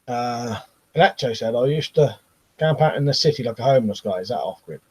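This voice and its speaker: A British man hosts a relaxed live chat stream with a medium-pitched voice. He reads viewer comments aloud, laughs easily and drops into quiet mumbled asides between lively bursts. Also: fairly quick, breathy edge, poor audio. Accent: British English. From Britain.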